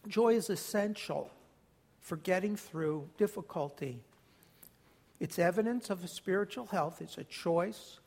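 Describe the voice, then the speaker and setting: This pastor's medium-pitched voice is gravelly, a little mellow, and breathy at the edges, delivered without hurry. Preaching with emphasis and encouragement, he has the congregation echo a phrase back in call and response.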